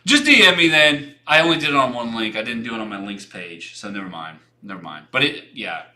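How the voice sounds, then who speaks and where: A man's voice: on the low side, fast, sharp tone. A young man hosting a design livestream, giving frank, rambling portfolio feedback with many restarts and some casual swearing.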